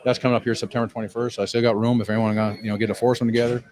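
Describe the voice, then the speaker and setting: A man's voice: mid-range voice, level tone, racing, crowd noise, rough recording. A man, a cigar lounge owner telling a rambling, profane, self-mocking story in a lounge. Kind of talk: casual storytelling.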